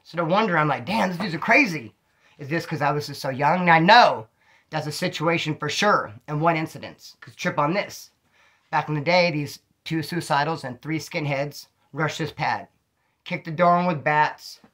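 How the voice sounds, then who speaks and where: A man's voice: on the high side, moderate pace. A man casually telling stories from his past in heavy street slang, acting out what people said. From California. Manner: streetwise slang, animated, acts out quotes. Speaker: storyteller recounting prison life. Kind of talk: casual storytelling monologue.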